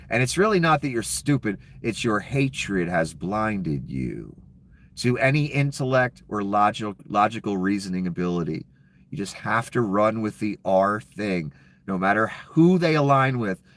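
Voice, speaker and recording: A man's voice: lowish voice, a bit bright. A man delivering an angry, profane political rant. He is scornful and sarcastic, and he stops to read headlines aloud. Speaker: political commentator.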